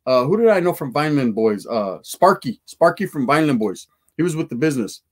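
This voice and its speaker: A man's voice: a little high, big pitch swings, fairly quick. A man, chatting loosely on a stream in street slang with Spanish words mixed in. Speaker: livestream host reacting to a film and reading chat. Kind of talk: casual chat.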